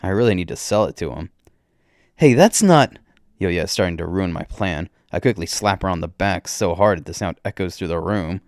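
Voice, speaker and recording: A man reading a first-person story aloud in a brisk, wry manner. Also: sits low, steady tone, clear, resonant tone, dry recording, clean studio sound.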